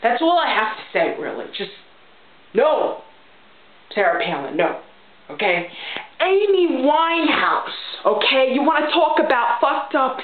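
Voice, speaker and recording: A woman playing a brash, chain-smoking loudmouth mom. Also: sits high, big pitch swings, measured pace. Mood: indignant rant. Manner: blunt, ranting, profane, keeps saying okay. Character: brash foul-mouthed chain-smoking middle-aged mother. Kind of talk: character vlog monologue. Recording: tinny phone-like sound in an echoey room.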